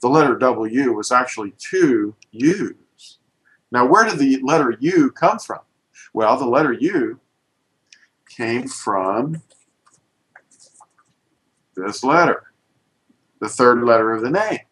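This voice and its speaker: A man's voice: medium pitch, lively intonation, takes it slowly, pauses often, a bit bright, rough recording. Man explaining letters at a board. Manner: emphatic, with frequent restarts. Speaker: teacher. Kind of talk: informal spoken lesson.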